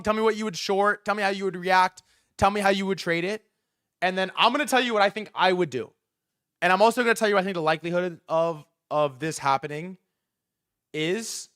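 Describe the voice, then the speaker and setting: Excitable man with a higher voice. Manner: excitable, profane, rambling with fillers. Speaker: livestream host. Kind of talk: casual livestream talk about markets.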